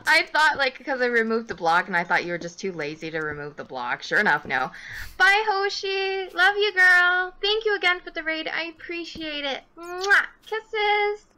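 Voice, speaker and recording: A woman streaming a game with a high, bright voice that swings widely in pitch. She talks at an unhurried pace, giggles easily and warmly thanks her viewers. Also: very animated. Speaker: livestreamer greeting chat. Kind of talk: casual live gameplay chat.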